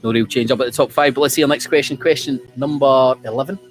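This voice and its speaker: A man's voice: mid-range voice, fairly even intonation, fast, faint music behind. A man around forty, hosting a quiz in casual, sweary banter with restarts. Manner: chatty, sweary, trailing restarts. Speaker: quiz host.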